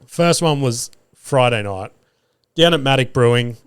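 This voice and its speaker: A man's voice: medium pitch, lively intonation, measured pace, clear, resonant tone, dry recording. An Australian man hosting a podcast, telling stories in a casual monologue, swearing freely and acting out what he said. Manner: swears freely, acts out his own quoted lines. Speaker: podcast host and stand-up comedian.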